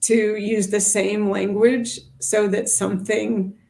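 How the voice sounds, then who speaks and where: A middle-aged woman chatting casually as co-host of a teaching livestream. Her voice sits at a middle pitch with a gravelly fry, and she talks in loose, meandering sentences full of fillers. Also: level tone, slow, dark tone. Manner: chatty, thinks aloud with many fillers.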